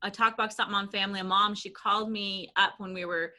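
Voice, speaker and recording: Bright, eager woman guest. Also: medium pitch, steady tone. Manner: enthusiastic, quick, many restarts and "like". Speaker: guest, language program founder. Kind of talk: casual podcast interview.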